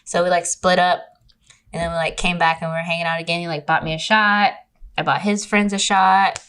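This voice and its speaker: A woman's voice: on the low side, brisk, clear, resonant tone. A young woman from California, a podcast guest, chatting casually and telling a dating story with lots of swearing and acted-out quotes. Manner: animated storyteller who swears freely and acts out quotes. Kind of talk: casual chat.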